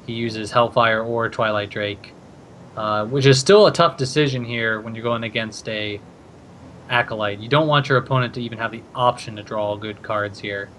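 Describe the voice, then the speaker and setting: A man's voice: mid-range voice, a bit bright, slight background noise. A man casting a card game tournament, talking through each play with plenty of thinking-aloud fillers. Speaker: esports caster.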